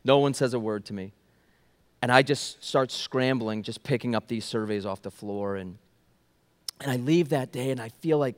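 A young man preaching a sermon as a pastor, telling a story and swinging between loud, urgent passages and hushed, quiet ones. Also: medium pitch, normal speed. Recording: long reverb of a large hall.

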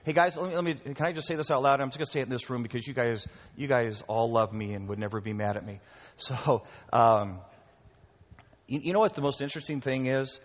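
A man preaches a conversational sermon, often repeating his words and speaking straight to the crowd. His voice sits at a middle pitch and rings through a large, reverberant hall. The recording sounds a little dull and lo-fi. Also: fairly quick. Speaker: pastor. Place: church hall before a congregation.

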